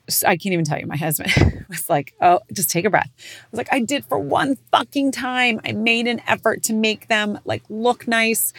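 Woman in her thirties, casual storytelling, lower voice, dry close sound, animated with lots of swearing. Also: no echo. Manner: animated, swears freely, acts out quotes in high voices. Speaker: podcast host.

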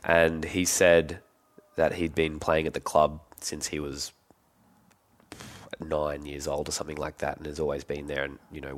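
An Australian man in his thirties, a guest telling relaxed stories in casual conversation. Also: a bass voice. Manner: relaxed, animated when quoting others. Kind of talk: casual storytelling.

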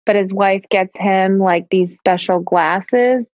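A woman co-hosting a podcast, talking casually in an expressive, joking way. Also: mid-range voice, takes it slowly, no echo. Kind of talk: casual chat. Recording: dry, dull lo-fi sound.

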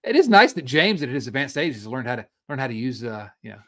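Animated man in his forties. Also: mid-range voice. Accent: Midwestern American. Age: 40s. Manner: animated, chatty, quick to laugh. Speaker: podcast co-host. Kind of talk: casual sports talk.

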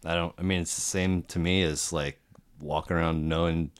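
A man's voice: sits low, steady tone, normal speed, clear, resonant tone. A man in his forties hosting a podcast, easygoing and conversational, often chiming in with short agreements. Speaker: podcast host. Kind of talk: casual conversation.

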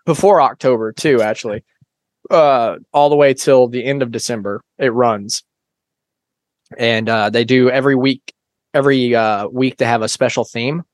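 A man's voice: mid-range voice, fairly even intonation, normal speed, dry recording. A man chatting as a returning guest on a podcast, telling stories with dry, teasing humor. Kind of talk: casual podcast chat.

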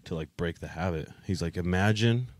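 Young guy on a podcast, really low voice, swears a lot, dry close sound. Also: brisk, dry recording. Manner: crude, swearing, laughs often. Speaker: podcast co-host. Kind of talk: casual chat.

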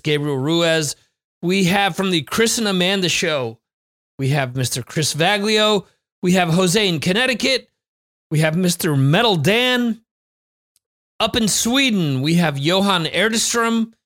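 A man's voice: on the high side, fairly bright tone, dry recording, clean studio sound. A man hosting a podcast in a chatty, rambling way. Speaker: podcast host. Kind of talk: casual podcast chat.

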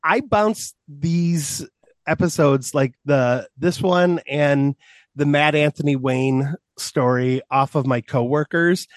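A man's voice: fairly high pitch, slow pace, no echo, studio quality. A man co-hosting a podcast in casual chat, playful and teasing. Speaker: podcast co-host.

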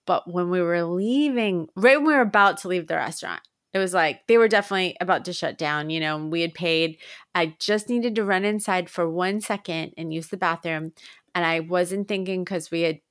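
A woman's voice: on the low side, brisk, no echo, clean studio sound. Chatty woman co-hosting a comedy podcast. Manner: chatty storyteller, animated when retelling. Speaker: podcast co-host. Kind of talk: casual comedy podcast chat.

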